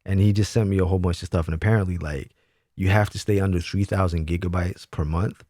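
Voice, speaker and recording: A young man from New hosts a loose livestream, his low voice close and dry with no room sound. He talks bluntly and swears freely, restarting his sentences as he goes. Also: steady tone, fast talker, warm tone, dry recording. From Brooklyn, New York. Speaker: livestream host. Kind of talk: casual livestream chat.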